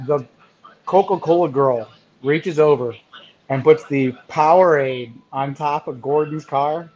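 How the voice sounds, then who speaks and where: Animated storytelling man, lo-fi sound. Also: fairly high pitch, unhurried. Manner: animated storyteller, laughs often. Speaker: podcast co-host. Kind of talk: casual storytelling chat. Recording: muffled lo-fi audio.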